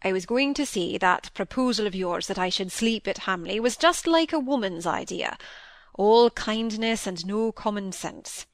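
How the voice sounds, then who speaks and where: A woman's voice: medium pitch, lively intonation, moderate pace, no echo, natural voice. A woman reading aloud, voicing a brusque, dryly teasing middle-aged country doctor.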